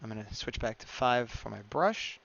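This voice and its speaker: While he draws live, a chatty man mumbles to himself and reads out the chat in easygoing stream talk. His medium-pitched voice is animated, creaky, and a bit bright, at a normal speed. The recording has its highs cut off.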